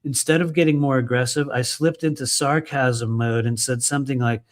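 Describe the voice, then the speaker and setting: A man's voice: medium pitch, fairly even intonation, moderate pace, few pauses. A man reading aloud from his own book and breaking off into loose, conversational asides, swearing freely. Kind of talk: live book reading with casual commentary.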